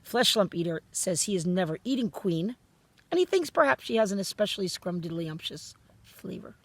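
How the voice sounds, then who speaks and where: A woman reading aloud and voicing a gentle, old male giant who mangles his grammar, with a breathy voice. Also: medium pitch, lively intonation, moderate pace, no room sound. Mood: chatty. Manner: mangled grammar, invented words. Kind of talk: storybook reading.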